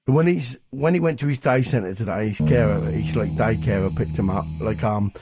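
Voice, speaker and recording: A man's voice: fairly low pitch, normal speed. A middle-aged man talking in a rambling, crude, jokey way. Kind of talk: casual chat over music. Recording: music playing clearly behind. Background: guitar music.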